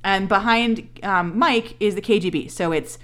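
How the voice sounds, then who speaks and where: Sarcastic, animated woman recapping a show. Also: medium pitch, moderate pace. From Canada. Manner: animated, sarcastic, swears, acts out characters' lines. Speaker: podcast co-host. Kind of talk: casual chat recapping a TV episode.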